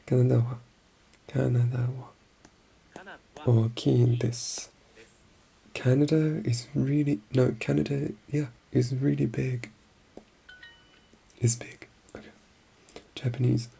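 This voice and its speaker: A soft-spoken ASMR voice that murmurs and keeps sinking into a whisper, heavy with vocal fry and sitting low and flat in its melody. Words come slowly, repeated under the breath as if practicing alone. The tone stays dark and mellow throughout. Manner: murmured, often dropping to a whisper. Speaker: ASMR creator.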